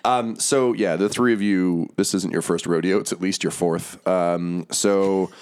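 Deep-voiced man narrating as game master. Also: steady tone, darkish tone, clear, resonant tone. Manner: descriptive, halting with many fillers. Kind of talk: narrating a tabletop role-playing game.

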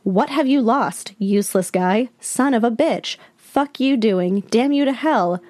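A woman reading aloud the messages of a rude, abusive male scam guest, slowly and a bit higher than her usual voice. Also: darkish tone, no room sound, clean studio sound, natural voice. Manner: slow, slightly raised reading of quoted messages.

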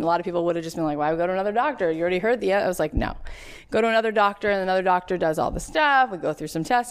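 Animated woman in her thirties. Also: fairly low pitch. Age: 30s. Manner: chatty, animated storytelling with acted quotes. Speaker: podcast host giving a workshop talk. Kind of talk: motivational talk.

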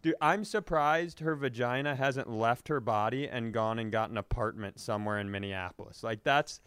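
A man co-hosting a comedy podcast, spinning a story with lots of swearing and restarts. His voice is smooth and resonant, at a medium pitch. The sound is dry and close to the mic. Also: normal speed, no echo. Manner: animated, profane storyteller who keeps restarting sentences. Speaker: podcast co-host.

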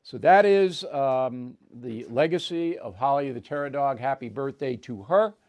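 A man's voice: mid-range voice, animated, a little slow, a little mellow. An older man hosting his show, chatting in a loose monologue with asides and chuckles. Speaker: show host. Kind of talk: casual monologue.

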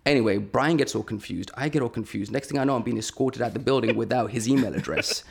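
Fast-talking gravelly man. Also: medium pitch. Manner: animated, rambling with many fillers. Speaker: podcast guest. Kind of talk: casual storytelling.

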